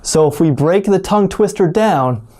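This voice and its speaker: In an online lesson, a native English speaker demonstrates pronunciation by speaking deliberately and exaggerating sounds. Their medium pitch carries lively intonation and a mellow quality.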